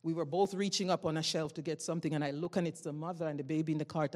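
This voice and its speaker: Lively woman telling a church testimony. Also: low-pitched, very fast. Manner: lively storyteller, swings from loud to hushed, laughs often. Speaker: church member giving testimony. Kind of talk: spoken testimony to a congregation.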